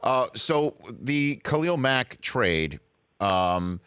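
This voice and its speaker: A man's voice: mid-range voice, sing-song, drawn-out words, a bit bright, clear, resonant tone, no room sound. A man hosting a sports talk show, asking long rambling questions full of fillers. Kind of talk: sports radio interview.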